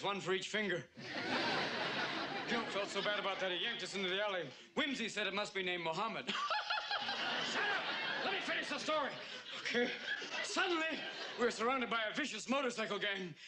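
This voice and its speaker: An actor playing a hyper, zany alien man in a 1970s sitcom, jumping between voices. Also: sits high. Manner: manic, jumps between voices. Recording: noisy old sitcom soundtrack.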